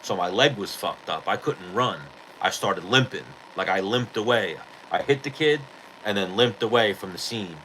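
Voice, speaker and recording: A man's voice: on the low side, animated, moderate pace, pushed and bright, a little hiss or hum, low-quality recording. A male podcast host telling a rambling, profane story in casual chat.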